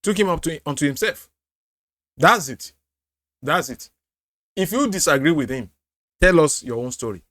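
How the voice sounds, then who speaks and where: A man's voice: on the high side, expressive, normal speed, long pauses, fairly bright tone, no room sound, studio quality. A man hosting a reaction show, commenting in a mocking way and often breaking into laughter and repeated exclamations. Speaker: apologetics host reacting to a clip.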